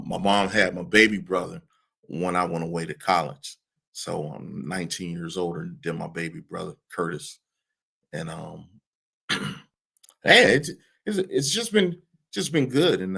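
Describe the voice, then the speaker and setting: A man in his forties talking casually as a podcast guest, halting, with many fillers and restarts, often trailing off into a soft mumble. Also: sits low, gravelly. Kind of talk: casual interview talk.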